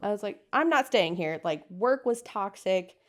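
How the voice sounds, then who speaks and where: Woman in her 30s, interview guest, lively storyteller who does the voices of people she quotes. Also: medium pitch, moderate pace. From United States.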